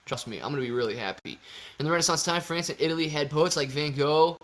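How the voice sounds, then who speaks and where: A man hosting a casual livestream, reading viewer super chats aloud in a slangy, excitable way with sudden loud bursts. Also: fairly high pitch, fast. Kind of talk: casual live-stream chat.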